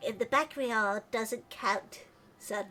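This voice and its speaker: A woman's voice: fairly high pitch, slow, fairly bright tone. A woman voicing an anxious father fussing over his adventuring son, hesitant and stammering. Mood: fretful.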